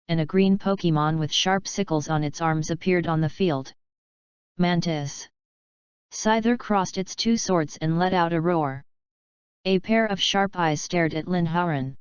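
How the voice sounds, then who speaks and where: A woman narrating a fanfiction audiobook in an even, matter-of-fact reading. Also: lowish voice, clean tone, no echo. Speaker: audiobook reader. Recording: dull lo-fi dry recording.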